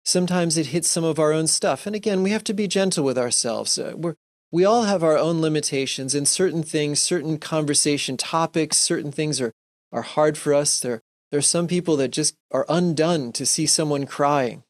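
A man giving a gentle, earnest talk to a Christian audience, often restarting his sentences and acting out short examples. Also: fairly high pitch, moderate pace, dry recording, clean studio sound. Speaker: speaker giving a Lenten talk.

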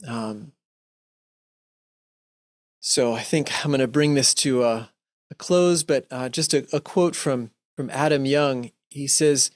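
A man giving a gentle, earnest talk to a Christian audience, often restarting his sentences and acting out short examples. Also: medium pitch, slow, pauses often, no echo, clean studio sound. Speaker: speaker giving a Lenten talk.

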